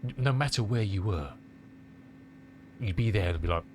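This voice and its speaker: A man's voice: lowish voice, animated, normal speed, a little mellow, slight background noise. A middle-aged man from England with a cold, chatting casually with his live-stream viewers and rambling as he answers their comments. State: has a cold. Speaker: flight sim streamer.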